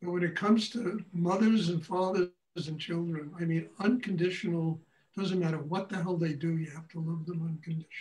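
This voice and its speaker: An older man teaching a meditation class, telling stories in a blunt, animated way, often breaking into laughter. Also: on the high side, fairly quick. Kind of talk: storytelling lecture. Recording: echoey room, far from mic.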